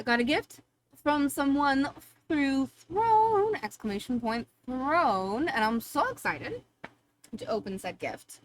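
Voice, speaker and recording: A woman hosts a casual home livestream, talking to her viewers in a bubbly, affectionate way. Her voice sits a little high. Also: a little hiss or hum, rough recording. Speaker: livestream host. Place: home streaming room.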